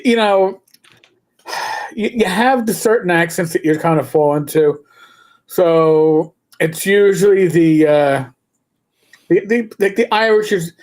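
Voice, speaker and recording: A man's voice: on the high side, darkish tone. A middle-aged man chats on a livestream. He rambles through long stories, stammering and restarting as he goes, and drifts into put-on voices when he tells them. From New York City. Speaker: podcast co-host. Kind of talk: casual livestream chat.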